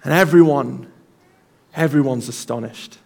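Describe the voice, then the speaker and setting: A male pastor preaching a sermon, retelling a story in an animated way and calling on the congregation to join in. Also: medium pitch, unhurried, gravelly.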